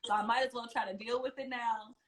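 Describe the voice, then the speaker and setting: Young woman, podcast host, slightly high voice, chatty, reflective. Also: fairly even intonation, fast talker, background noise. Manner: chatty, reflective, frequent "like" and "you know". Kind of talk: casual interview chat.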